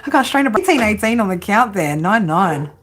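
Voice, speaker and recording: A woman's voice: medium pitch, lively intonation, brisk, fairly bright tone. A woman hosting a casual live-stream tarot reading, chatty and giggly, often ending her lines with "right?".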